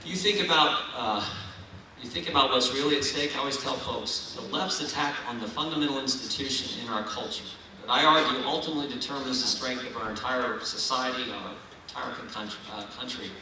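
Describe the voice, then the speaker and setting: Speaking a little fast in a medium-pitched voice, an Ohio keynote speaker gives a folksy, stirring address at a political dinner. The large banquet hall echoes, the mic is heard from far off, and there is background noise.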